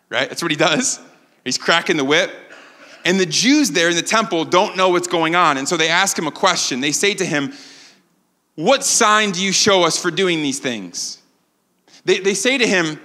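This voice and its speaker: A pastor preaching in a church sanctuary, high-pitched and bright in tone. His voice rings with a long hall echo as he acts out quotes with animation. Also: lively intonation, moderate pace. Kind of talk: sermon.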